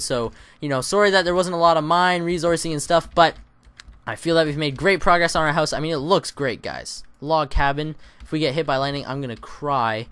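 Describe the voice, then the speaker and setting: Lively, chatty young-sounding gaming guy. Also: on the high side, smooth. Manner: chatty, rambling, self-mocking; lively, excitable exclamations. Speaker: Let's Play host. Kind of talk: casual gameplay commentary.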